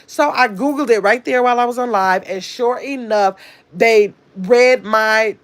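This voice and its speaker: A woman's voice: on the high side, unhurried. A woman with a nasal voice, chatting to her livestream audience in a rambling, casual way. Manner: rambling, chatty storytelling with restarts. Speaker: live streamer.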